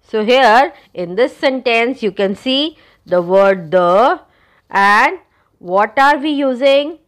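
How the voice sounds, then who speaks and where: Woman teacher, unhurried delivery, patient explaining to students. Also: on the high side, expressive. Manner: slow, careful explaining, spelling out letters. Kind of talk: recorded grammar lesson.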